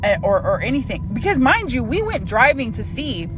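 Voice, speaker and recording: A young woman casually telling a spooky personal story, animated and profane. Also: fairly high pitch, normal speed, background noise.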